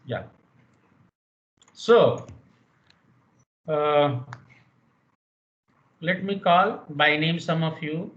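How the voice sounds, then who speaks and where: A man's voice: a little high, drawn-out words, long pauses, fairly bright tone, dull audio. A man teaching a university language lecture online, explaining rules patiently and repeating the key points.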